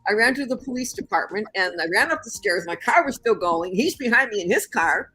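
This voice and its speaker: Husky older woman telling a story. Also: fairly high pitch, brisk, faint music behind, poor audio. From Chicago area. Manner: animated storyteller who acts out the voices in her story. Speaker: interview guest. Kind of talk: storytelling in an interview.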